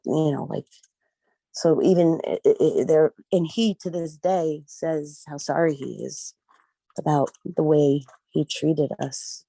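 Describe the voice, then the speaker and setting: A woman's voice: low voice, fairly even intonation, takes it slowly, gravelly, warm tone, no room sound, rough recording. A middle-aged woman recalling events as a guest, rambling and leaning on "like" and "you know". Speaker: guest, mother of a missing daughter. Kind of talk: emotional personal recollection.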